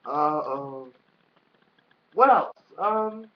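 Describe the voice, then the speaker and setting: A young man talks through a casual vlog chat, full of fillers and offhand swearing. His voice sits a little high. The recording is dull and lo-fi. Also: animated, very slow. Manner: rambling, swears freely, lots of fillers. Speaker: vlog co-host. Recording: dull lo-fi sound.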